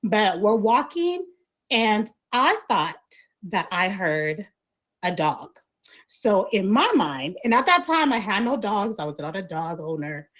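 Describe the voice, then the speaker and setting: A woman's voice: mid-range voice, measured pace, lo-fi sound. A woman on a panel show, telling a story. Her voice sits in a middle register, and she acts out what everyone said as she goes along. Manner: animated storyteller, acts out quotes.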